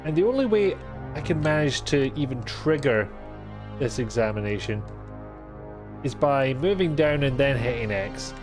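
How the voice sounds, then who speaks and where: A man's voice: medium pitch, expressive, normal speed, over music. A man streaming a video game live, commenting in a sweary, exasperated and sarcastic way.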